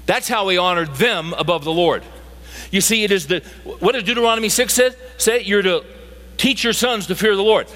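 A man's voice: high voice, brisk, a bit bright. A middle-aged man preaching a sermon, emphatic and full of rhetorical questions to his listeners. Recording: long hall reverb.

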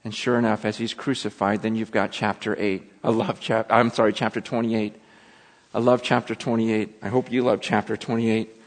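Animated preacher man in a reverberant hall. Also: fairly low pitch, moderate pace. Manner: animated, dramatizes scripture with acted voices. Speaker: pastor. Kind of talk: sermon.

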